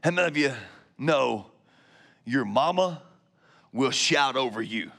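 A man preaching a Pentecostal sermon, calling out to the congregation and swinging from loud shouts to hushed whispers. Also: mid-range voice, lively intonation, unhurried, vocal fry. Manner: calls out to congregation. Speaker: pastor.

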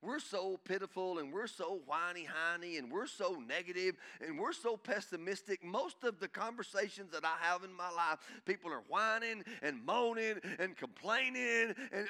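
A male pastor preaching a sermon, swinging from shouting to hushed intensity and calling out to the congregation. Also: high voice, lively intonation, moderate pace, hardly any pauses. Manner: calls out to the congregation.

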